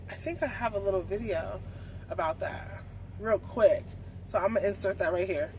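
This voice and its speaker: A young adult woman truck driver telling a casual storytime vlog, swearing freely and acting out conversations in lively voices. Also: medium pitch, normal speed, very noisy. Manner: animated, swearing, acts out conversations.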